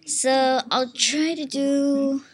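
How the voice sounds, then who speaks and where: A woman with a high, bright voice chats slowly and shyly to her viewers. She giggles often, fills gaps with ums and pokes fun at herself, and a slight cough comes through. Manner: hesitant and giggly, full of ums and self-teasing. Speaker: channel host doing character voices. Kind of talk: casual chat to camera.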